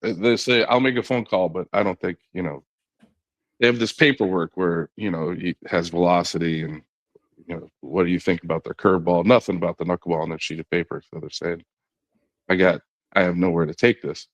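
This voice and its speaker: Deep-voiced man telling his story. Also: brisk, no room sound. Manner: relaxed storyteller, quotes others in his own voice, frequent "you know" and restarts. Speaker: podcast guest, former knuckleball pitcher. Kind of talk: conversational storytelling interview.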